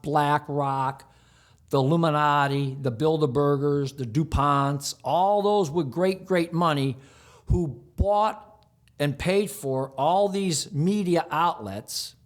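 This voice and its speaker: A man speaking a little higher than most men, answering interview questions in an emphatic flow. He rattles off long lists and breaks into mocking rhetorical outbursts. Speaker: community television producer and host.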